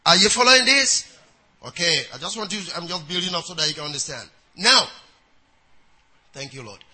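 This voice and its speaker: A man preaching a sermon who reads scripture aloud in a measured cadence and often checks in with his congregation, with quick prayerful asides. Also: high voice, animated, bright, forceful tone, husky, rough recording.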